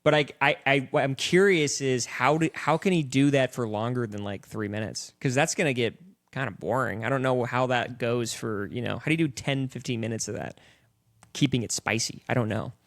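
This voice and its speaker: A young man, a comedian guest on a podcast, chatting casually. He is relaxed and swears freely. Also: medium pitch, brisk. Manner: relaxed, profane, trails off with "like". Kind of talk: casual chat.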